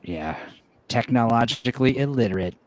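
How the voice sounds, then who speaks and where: Chatty male podcast host, lively voice. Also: medium pitch, normal speed. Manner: loose, rambling, laughs a lot. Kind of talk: casual chat while hosting a game stream.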